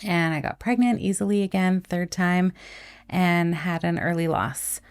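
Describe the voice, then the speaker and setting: Low, gravelly-voiced woman reflecting. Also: measured pace. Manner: candid, reflective storytelling. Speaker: podcast guest, labor and delivery nurse. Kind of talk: casual conversation.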